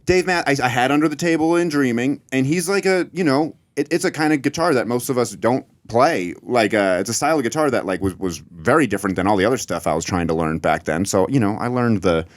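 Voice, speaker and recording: A man's voice: medium pitch, animated, fast, hardly any pauses, no room sound. A man in his thirties from New Hampshire, a comedian guest chatting on a podcast, rambling and self-deprecating with many restarts. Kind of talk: casual podcast chat.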